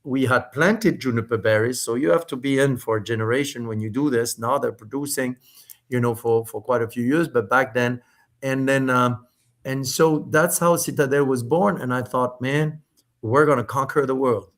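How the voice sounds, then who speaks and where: In a casual podcast interview, a middle-aged spirits company founder tells stories with lots of energy. His voice sits at medium pitch, and his speech tumbles out in quick bursts broken by restarts and filler words.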